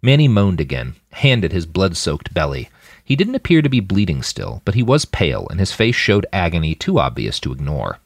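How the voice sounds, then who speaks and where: A male audiobook narrator with a somewhat low voice, telling a violent thriller in expressive, dramatic narration. His pitch rises and falls widely, and the recording is close and dry. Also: brisk, no room sound. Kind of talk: scripted narration.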